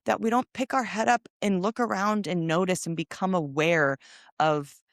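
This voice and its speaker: A middle-aged woman hosting a podcast, telling a personal story in casual chat with expressive, animated delivery. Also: fairly low pitch, normal speed, no room sound, studio quality. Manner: expressive, animated storytelling with lively quoted voices. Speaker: podcast host.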